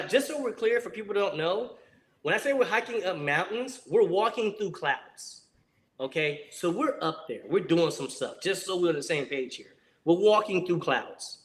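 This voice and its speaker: A man in his forties with a notably high voice tells a long story in casual chat. He swears freely and laughs through his lines, animated and unfiltered. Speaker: guest, former Marine.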